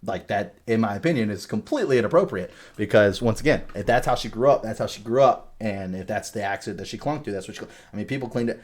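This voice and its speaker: A man from the American South with a softened Southern accent, hosting a podcast discussion emphatically and swearing freely. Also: lowish voice, animated, quick pace, few pauses. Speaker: podcast host.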